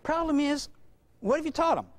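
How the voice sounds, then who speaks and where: A man lecturing parents in a humorous, animated way, acting out bits of dialogue between parent and child. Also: extremely high pitch, moderate pace, dry recording.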